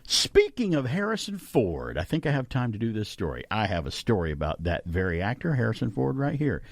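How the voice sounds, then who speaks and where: A man's voice: fairly low pitch, big pitch swings, fast talker, gravelly, a little mellow, dry recording. A man hosting a casual radio talk show, chatting enthusiastically and laughing often.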